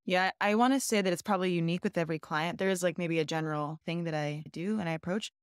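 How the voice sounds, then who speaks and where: A woman's voice: on the low side, fast talker, clear, resonant tone, no echo, clean studio sound. A woman, a rope artist, talking openly and earnestly about her work in a conversational interview, often restarting her phrases. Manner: earnest, open, with many restarts and "like". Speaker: shibari artist, guest.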